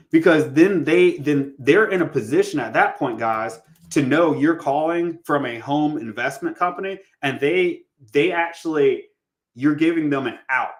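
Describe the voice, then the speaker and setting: A man coaching listeners in a relaxed, conversational way, calling them guys and acting out sample phone lines. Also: a little high, a little slow. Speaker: real estate coach. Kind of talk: casual teaching monologue.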